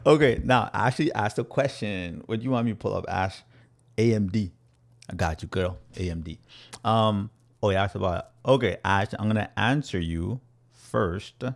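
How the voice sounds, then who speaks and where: A young man with a low, gravelly voice chats energetically through a crypto livestream. He answers viewers directly in a playful, loose way. He has some grit on the low end. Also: moderate pace. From Canada. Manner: energetic, chatty, playful with viewers, laughs often. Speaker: crypto educator hosting a livestream.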